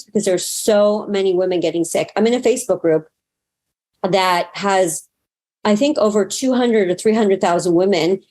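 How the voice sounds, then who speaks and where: A woman's voice: mid-range voice, darkish tone. A woman guest in an interview, telling a personal story in an earnest, talkative way. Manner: earnest, talkative, acts out past moments in quotes.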